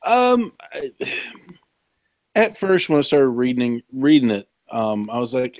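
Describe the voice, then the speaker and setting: A man's voice: medium pitch, big pitch swings, slow, no room sound. A male co-host with a mid-range voice, recorded close and dry. He feels his way through each point with restarts and short laughs. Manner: hesitant, lots of restarts and laughing asides. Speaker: podcast co-host. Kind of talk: casual podcast discussion.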